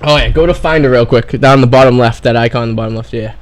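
A man's voice: medium pitch, fast talker. A young man hosting a college radio show, chatting loosely and joking with friends in the studio and laughing often. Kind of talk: casual studio banter. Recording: music playing underneath.

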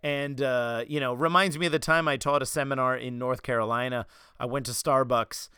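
A man with a New York accent, hosting a podcast and telling animated stories in casual chat. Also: mid-range voice, a little fast, smooth, no room sound, studio quality. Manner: animated storytelling, slipping into quoted voices. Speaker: podcast host.

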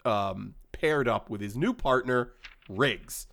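A man co-hosting a podcast and discussing a movie in a chatty, halting way, often restarting his sentences. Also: medium pitch, creaky, a bit bright. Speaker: podcast co-host.

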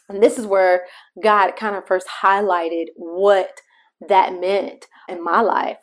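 Woman podcast host, middle-aged, mid pitch, conversational devotional storyteller who talks straight to her listeners. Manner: shifts pace between slow emphasis and quick asides.

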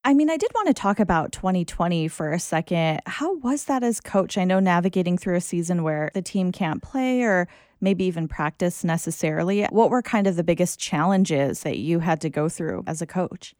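A woman with a somewhat low voice interviews her guest in a friendly, casual way, laughing easily. Her voice is close and dry. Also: expressive, normal speed, few pauses, darkish tone, dry recording.

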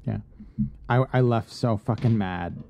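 A man co-hosting a podcast in casual chat, getting animated and swearing freely as he rants. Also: on the low side, unhurried, gravelly, muffled recording. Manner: animated, profane ranting. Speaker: podcast co-host.

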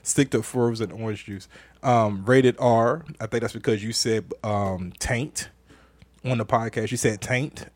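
A man's voice: mid-range voice, fairly even intonation, a little slow, dry recording. A man hosting a casual podcast live stream, reading out viewer comments with a playful, laughing manner. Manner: laughing, playful, repeats phrases. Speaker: podcast host.

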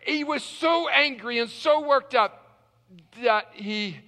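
A man's voice: very high-pitched, slow pace, pushed and bright, in a large hall. A middle-aged man preaching a sermon from South Carolina, telling a personal story with emphatic repetition. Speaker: pastor.

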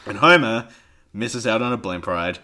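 A man's voice: on the low side, lively intonation, bright, forceful tone. A man around thirty co-hosting a podcast, wry and jokey in casual chat. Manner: wry, jokey, quick to laugh. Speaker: podcast co-host.

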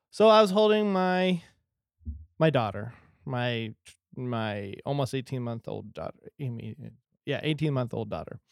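A man's voice: on the high side, vocal fry, darkish tone, dry recording, clean studio sound. A man in his thirties hosting a comedy podcast, telling stories and laughing often. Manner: laughs often, rambling and self-correcting. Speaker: podcast host. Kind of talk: casual comedy chat.

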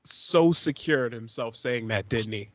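A man's voice: mid-range voice, measured pace, fairly bright tone. A man co-hosting a podcast, chatting casually and teasing his partner with dry sarcasm. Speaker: podcast co-host.

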